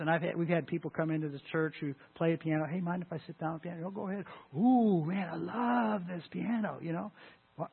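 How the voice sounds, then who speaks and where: A pastor preaching a sermon in a church, emphatic, stressing key words slowly and often restarting his phrases. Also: high voice, slightly rough. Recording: tinny phone-like church recording.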